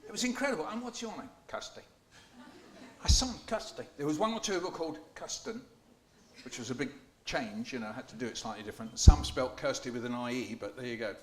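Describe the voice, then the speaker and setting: A man's voice: mid-range voice, brisk, slight background noise. A man hosting a school poetry launch, playful and jokey, quizzing the children and performing for them in a hall. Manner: playful, jokey, animated, asks the children questions. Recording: echoey hall.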